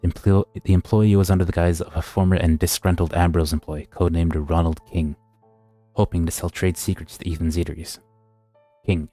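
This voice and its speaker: A man with a very low, mellow voice sight-reads a story on stream. He reads plainly and trips over words now and then. The sound is dry with faint music underneath. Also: flat delivery, fairly quick, no room sound. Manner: plain reading with stumbles. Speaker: streamer reading aloud. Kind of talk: sight-reading a horror wiki story.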